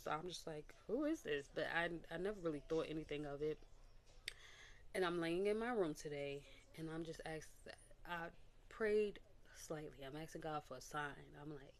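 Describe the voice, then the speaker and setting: A young adult woman sharing a candid personal testimony as a casual vlog, talking animatedly and acting out what people said. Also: deep voice. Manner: candid and animated, with quoted voices and little laughs. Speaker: vlogger.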